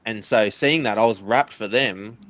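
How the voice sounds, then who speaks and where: A man's voice: lowish voice, normal speed, fairly bright tone, dry recording. Earnest Australian man, dull lo-fi recording. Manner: candid, earnest storytelling with laughs. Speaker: interview guest. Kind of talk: casual interview chat.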